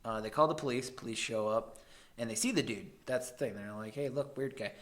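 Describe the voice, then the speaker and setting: A man from the American Midwest co-hosting a podcast, telling a story in a rambling, halting way and laughing easily. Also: lowish voice. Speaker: podcast co-host. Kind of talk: casual chat.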